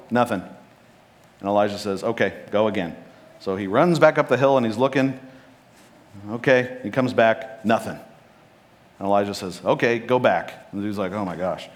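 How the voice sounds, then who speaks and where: A man preaching a sermon as pastor, telling a Bible story with lively acted-out lines. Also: medium pitch. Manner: animated storytelling, acting out Bible characters' lines. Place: church sanctuary.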